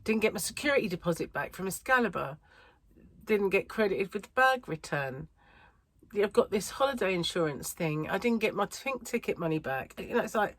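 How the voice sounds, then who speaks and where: Slightly winded, a crochet vlogger from the United Kingdom rambles casually to camera, laughing a lot and using plenty of fillers. Her medium-pitched voice is brisk with lively intonation, and there's no room sound.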